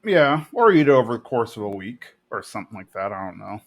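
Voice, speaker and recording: A man from Texas casually recapping a cartoon episode on a podcast, slipping into quick voices for the characters. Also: lowish voice, big pitch swings. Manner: retells plot with quick put-on character voices. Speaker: podcast co-host.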